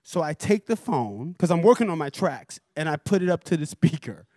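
A man, a record producer and guest speaker, telling a lively story at a university forum, acting out voices and chuckling often. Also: fairly high pitch, brisk, dry recording, clean studio sound. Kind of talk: animated storytelling talk.

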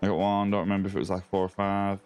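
A man's voice: deep voice, level tone, very fast, darkish tone, clean tone, faint music behind. An Australian man live-streaming a game, chatting casually and greeting viewers by name, calling them mate and buddy. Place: home streaming setup with a ring light.

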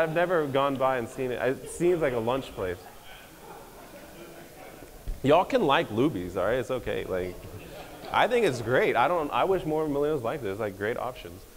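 A young man, giving an energetic, joking conference talk that pokes fun at pastors. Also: mid-range voice. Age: young adult. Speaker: speaker. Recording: hall reverb.

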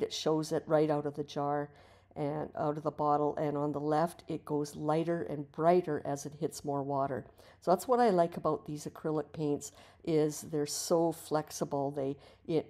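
A woman with a low, mellow voice talks through a painting lesson in an easy, chatty way. She encourages the viewer warmly and restarts her sentences as she goes. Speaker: art teacher. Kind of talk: relaxed tutorial narration over painting.

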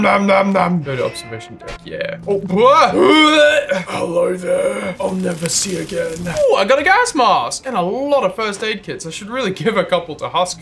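A man's voice: fairly high pitch, pushed and bright. A man hosting a let's play, playful and jokey, chatting to game characters as he goes. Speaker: gaming video host.

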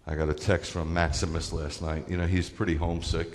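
A rabbi preaches in a relaxed, conversational way and leans hard on his key points. His voice is very low, and a long reverb trails each phrase, as in a large hall. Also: fairly quick. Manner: conversational, emphatic preaching with asides to the congregation. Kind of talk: sermon.

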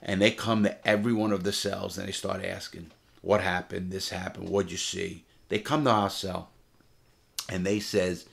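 A middle-aged man with a low voice tells a story from his time in prison. He speaks bluntly and profanely, in a loose, casual way. He hammers his points home by repeating them. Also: little pitch movement, moderate pace, creaky, fairly bright tone. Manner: blunt, profane, emphatic retelling with repeated phrases.

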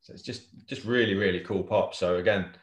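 An English man co-hosts a collectors' chat show over a casual video call. He's chatty, laughs easily, and often restarts his sentences. His low voice is steady in tone and brisk, with a roomy sound.

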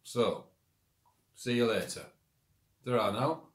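A man's voice: mid-range voice, takes it slowly, reverberant. A Yorkshire man doing a put-on posh southern English accent, speaking mock-formally to camera in a comic monologue that turns indignant and defiant. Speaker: vlogger.

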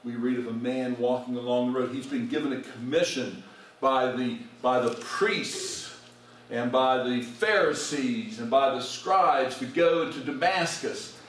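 A male pastor preaches to his congregation in a church sanctuary, putting direct questions to them. His mid-range voice is fairly bright and a little slow. Captured from far off, the recording is very echoey, with a little hiss or hum.

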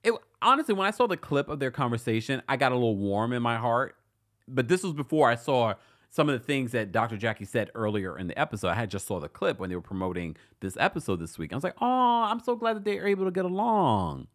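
A man's voice: mid-range voice, expressive, fast. A man hosting a casual live-stream recap, reading viewer comments aloud and chatting with frequent laughs and asides. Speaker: recap show host reading live chat.

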